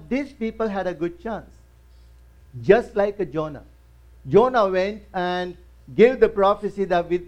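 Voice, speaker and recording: A man's voice: high-pitched, a little mellow. A male pastor preaching in church, telling a story with acted quotes and emphatic rises. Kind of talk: sermon.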